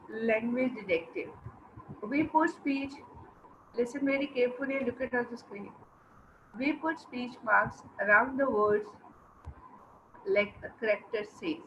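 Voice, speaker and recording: A woman teacher giving an online English lesson to young children. She explains slowly, repeats words and asks the class questions. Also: fairly high pitch, fairly bright tone. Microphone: video lesson mic. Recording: dull lo-fi with faint noise.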